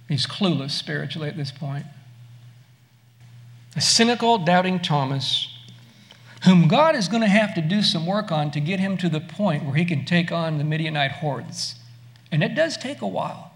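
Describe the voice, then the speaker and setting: A man's voice: high voice, fairly bright tone. A man preaching a sermon as a pastor, in a conversational way, asking the listeners direct questions.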